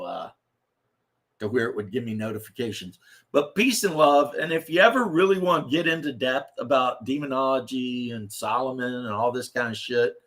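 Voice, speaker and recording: Streamer host, male, slow drawl, meandering chat full of ums. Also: medium pitch, fairly bright tone. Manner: slow, rambling, with many fillers and restarts. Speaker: livestream host. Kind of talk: casual livestream chat.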